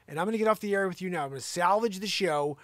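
A man hosting a live improvised comedy show, teasing and scolding a caller in a loud, mock-outraged rant. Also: high-pitched, rapid-fire, no room sound, clean studio sound.

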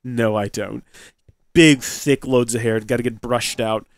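A man's voice: medium pitch, unhurried, dry recording. Chatty man telling a home story. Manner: chatty, rambling, rising excitement in anecdotes. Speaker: let's play host. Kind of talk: casual storytelling to viewers. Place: at home near his recording setup.

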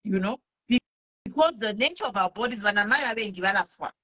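Earnest Zambian woman, bright voice. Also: mid-range voice, lively intonation, fast. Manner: earnest, pleading, switches languages mid-sentence. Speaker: speaker sharing testimony. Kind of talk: personal testimony mixing English and Bemba.

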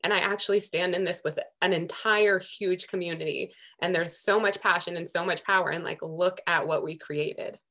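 A woman's voice: fairly low pitch, steady tone, moderate pace, few pauses, sharp tone. A young woman from Amherst, Massachusetts, co-chair of a working group, giving earnest, emotional remarks at a public meeting with many restarts.

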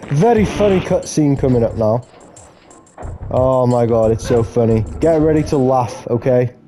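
A young man hosting his own gaming channel, giving an excitable let's play commentary with plenty of swearing and shrieks when things go wrong. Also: on the high side, slight background noise. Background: game music.

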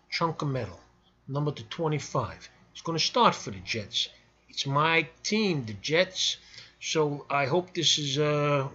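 A man giving a blunt, pushy casual sales pitch to camera while selling sports cards. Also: a bit bright, husky, dull audio. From New York. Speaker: sports card seller.

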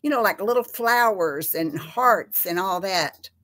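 A woman's voice: medium pitch, lively intonation, a little slow, fairly bright tone. A middle-aged woman with a Texas accent, chatting casually with viewers on a live stream and calling them y'all. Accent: Texan. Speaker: host of a live chat.

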